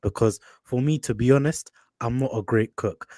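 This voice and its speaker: A man with a London accent calling into a live stream, asking polite, hesitant questions with many pauses and "um"s. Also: mid-range voice, warm tone, no room sound, studio quality. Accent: London English.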